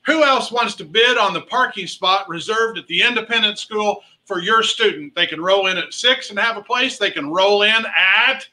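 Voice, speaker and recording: An excitable man calls a charity auction, rattling off rising bids and cheering on the bidders. His voice sits high for a man and rings bright and sharp. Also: normal speed, hardly any pauses, poor audio. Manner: calls rising bid amounts.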